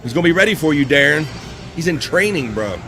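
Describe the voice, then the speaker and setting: A man hosting a casual live stream, loud and joking, laughing often with crude banter. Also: a little high, lively intonation, fast, soft background music. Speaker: host.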